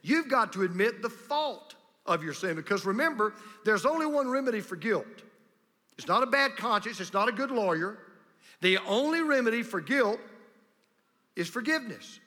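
A pastor preaching a sermon, emphatic and repetitive, with a storyteller's delivery. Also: male voice, sits high, expressive, normal speed, sharp tone. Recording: long reverb of a large hall.

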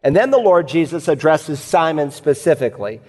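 A man preaching a sermon as pastor, speaking in measured, emphatic phrases and repeating key lines for weight. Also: a little high, sing-song, a little mellow. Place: church sanctuary. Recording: long reverb of a large hall.

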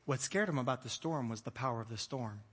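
Male pastor, bright and forceful tone, long hall reverb, lively and jokey delivery. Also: mid-range voice, fast talker, slightly rough. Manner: animated, playful, acts out the disciples' voices. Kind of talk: sermon.

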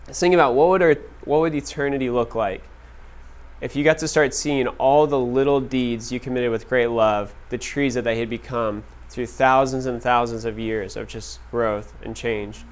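Male teacher, thirties, relaxed storyteller, filler-heavy casual delivery, resonant clear tone, mid pitch. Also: normal speed. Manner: casual, many "like" fillers, laughing at own stories. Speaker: class teacher. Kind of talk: storytelling talk to a class.

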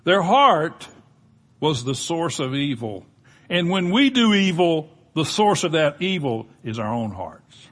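Husky older Southern preacher. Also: male voice, fairly high pitch, very animated, a little slow. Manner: folksy, conversational preaching with humor. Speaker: pastor. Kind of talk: sermon.

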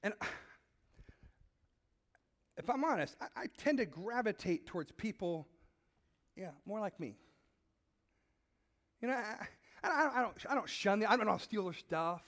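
Lively high-voiced man preaching a sermon. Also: unhurried, long pauses. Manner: conversational, asks the audience questions, repeats words. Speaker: pastor.

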